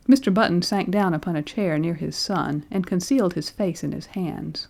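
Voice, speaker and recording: Mellow-voiced woman audiobook narrator. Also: on the low side, creaky. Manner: measured, expressive reading. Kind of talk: scripted literary narration.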